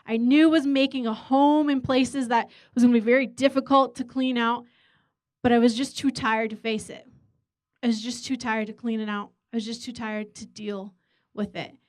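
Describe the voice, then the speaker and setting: A woman's voice: fairly high pitch, fairly even intonation, moderate pace, no echo. A woman preacher in her thirties or forties, telling a chatty, self-mocking story in a sermon.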